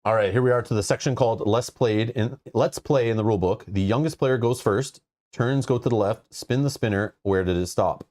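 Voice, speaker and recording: A man hosts a casual board game livestream in a somewhat low voice. He rambles easily and often restarts his sentences as he goes. The talk stays loose and chatty. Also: a little fast, darkish tone. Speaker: host of a board game channel.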